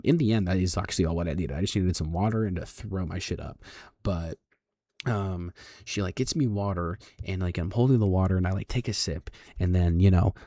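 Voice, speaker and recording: A man's voice: deep voice, darkish tone, no echo, clean studio sound. A young man casually telling a story to his viewers, slangy and swearing often. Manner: slangy, swears, ends phrases with "bro". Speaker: vlogger.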